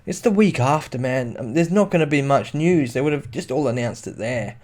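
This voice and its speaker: A man co-hosting a casual gaming podcast, easygoing and quick to laugh. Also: medium pitch, animated, darkish tone. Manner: easygoing, laughs easily, loose phrasing. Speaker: podcast co-host.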